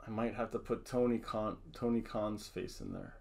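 A man's voice: fairly low pitch, moderate pace, vocal fry, a little mellow. A man hosting a casual podcast, talking through his wrestling predictions in a rambling, offhand way and often correcting himself. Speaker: podcast host.

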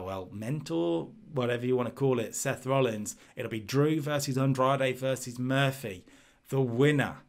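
A man casually commentating on his own playthrough of a wrestling management game, chatty and reading out scores as he goes. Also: medium pitch. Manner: chatty, restarts and fillers, reads out scores. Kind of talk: casual let's-play commentary.

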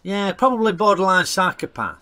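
A man's voice: sits high, very animated, a little fast, pushed and bright. A man reviewing a film in a chatty, jokey way, using broad dialect. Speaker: film reviewer, channel host.

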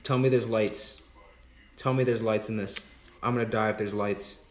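A young man chatting on a livestream while unboxing gifts, hyped and swearing, bursting into loud exclamations. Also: lowish voice, fairly even intonation, a little slow, reverberant. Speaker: YouTube creator livestreaming an unboxing. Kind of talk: excited livestream unboxing chat.

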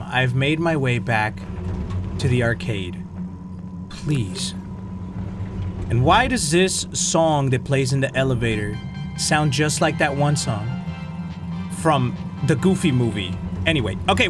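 A young man giving excitable let's play commentary, often shouting, swearing and laughing. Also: a little high, a little slow, over music. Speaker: gaming YouTuber.

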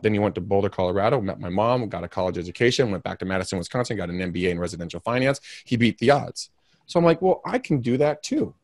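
Male interview guest, low voice, dry close sound, emphatic and rambling, gets louder when fired up. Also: no room sound. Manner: energetic, rambling, emphatic, with self-mocking asides. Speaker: realtor and podcast co-host, interview guest. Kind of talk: candid interview storytelling.

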